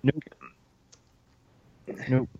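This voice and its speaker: A man's voice: very slow, a crowd in the background. A man co-hosting a casual podcast, blunt and opinionated. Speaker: podcast co-host. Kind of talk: casual chat. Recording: dry, muffled lo-fi mic.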